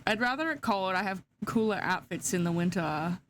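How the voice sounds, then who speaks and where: A woman's voice: medium pitch, animated, normal speed, fairly bright tone, slight background noise. A young woman chatting casually to her live-stream chat, sleepy, giggly and yawning. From Australia.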